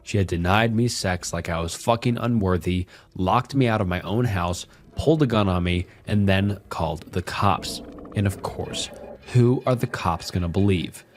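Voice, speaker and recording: A man's voice: deep voice, moderate pace, slight background noise, natural voice. A man voicing a drunk, violent, self-pitying husband who rambles and swears crudely through a horror story. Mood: bitter, rambling.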